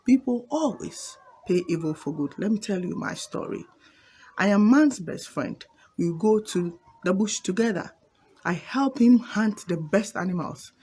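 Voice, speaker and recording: A woman voicing a loyal but aggrieved dog in a spoken fable, complaining quietly. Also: mid-range voice, lively intonation, unhurried, breathy edge.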